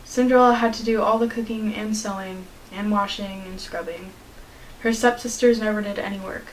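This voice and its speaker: A teenage young woman reading a children's storybook aloud in a steady, clear narrating voice. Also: medium pitch, moderate pace, a little hiss or hum, poor audio. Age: teens. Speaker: student reader.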